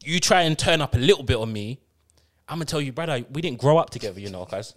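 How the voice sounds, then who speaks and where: A man casually telling a story on a podcast, full of slang and acted-out quotes. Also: fast talker. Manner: animated, slangy, acts out quotes with big pitch jumps. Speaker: podcast co-host.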